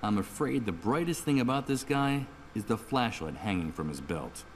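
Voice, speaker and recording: A man's voice: fairly low pitch, expressive, normal speed, a little hiss or hum, close to an everyday voice. An actor playing a wry, sardonic male protagonist in a video game, musing aloud over game music. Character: sardonic troubled man, protagonist. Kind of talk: video game voice acting, inner monologue.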